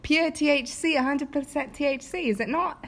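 A woman's voice: sits high, moderate pace, gravelly, crowd noise. A young woman co-hosting a podcast in casual chat, giggly and brash, swearing freely. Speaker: podcast co-host.

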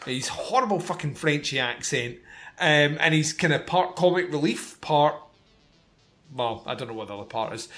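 A man's voice: on the high side, a bit bright. A man hosting a casual film-review podcast, blunt and wry, swearing freely as he picks apart a movie. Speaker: podcast host reviewing films.

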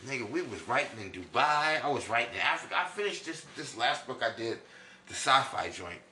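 A man from New York doing a loud, preachy comic monologue that swings between high and low. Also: very animated, a little fast, recorded from a distance, a little hiss or hum. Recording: echoey room, from off-mic.

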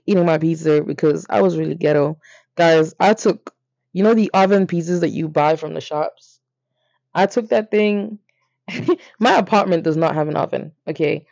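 A young man, casually telling a story on his podcast, animated and playful, jumping up in pitch for emphasis. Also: creaky, dry recording. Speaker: podcast host. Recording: dry, slightly dull lo-fi.

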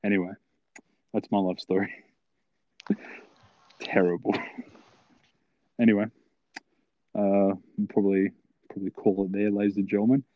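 A man's voice: on the low side, flat delivery, moderate pace, long pauses, no room sound. A young man co-hosting a podcast, telling a story in casual chat, crude and often laughing. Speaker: podcast co-host. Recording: dry, slightly dull sound.

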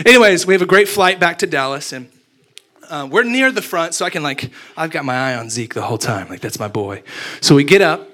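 A man's voice: high voice, bright, forceful tone. A young man preaching, telling a self-mocking story and acting out his own thoughts. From Abilene, Texas. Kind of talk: storytelling sermon.

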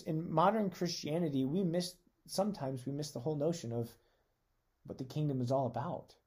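Mellow-voiced man giving a conversational sermon. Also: medium pitch. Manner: earnest, reads scripture aloud with emphasis. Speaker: podcast preacher.

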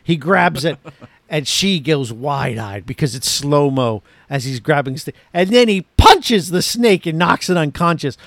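Man, podcast co-host, sarcastic joking, lively up-and-down delivery, somewhat high voice, dry close sound. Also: unhurried, no room sound. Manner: mock-emphatic, sarcastic joking. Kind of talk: casual movie review chat.

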